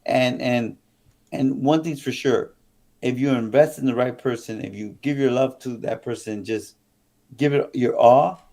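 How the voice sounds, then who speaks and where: A mid-pitched man tells stories as a stream guest, in an animated, rambling way. He restarts his sentences often and curses casually. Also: measured pace, gravelly. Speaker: guest, former kingpin. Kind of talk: casual storytelling on a live stream.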